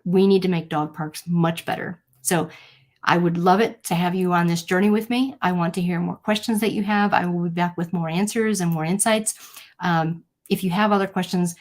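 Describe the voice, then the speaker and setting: A woman hosting a live-streamed talk, speaking earnestly and telling stories with lively quoted voices. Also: fairly low pitch, normal speed. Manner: earnest, storytelling, animated quotes. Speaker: host.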